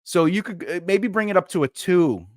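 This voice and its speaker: His voice sits high and moves at a moderate pace, captured in studio quality without echo. As a regular co-host in a casual live stream chat, he tells an animated story poking fun at himself and acts out the people he quotes.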